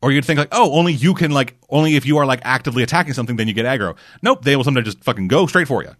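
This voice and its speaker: A man talks games at a quick clip, rambling through his points with plenty of swearing and restarts. His voice sits at a middle pitch and sounds dry, with no room around it. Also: expressive, no room sound. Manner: rambling, swears freely, many restarts and fillers. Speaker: podcast co-host. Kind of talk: casual gaming chat.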